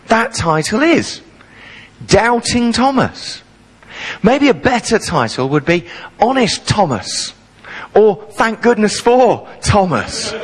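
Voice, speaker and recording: A man's voice: sits high, husky, low-quality recording. A man in his forties preaching a sermon, telling stories playfully and with humour. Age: 40s. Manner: humorous storytelling, playful.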